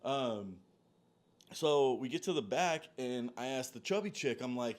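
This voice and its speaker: A man's voice: mid-range voice, a little slow. A man telling a long story in a loose, profane, rambling way, full of "like" and "dude". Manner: animated, jumps between tangents. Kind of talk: casual storytelling monologue.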